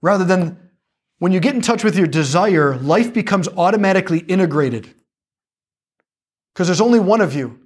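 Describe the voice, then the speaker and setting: Animated man giving a casual faith talk. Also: high voice, moderate pace, pauses often, husky. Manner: animated, conversational, jokey asides.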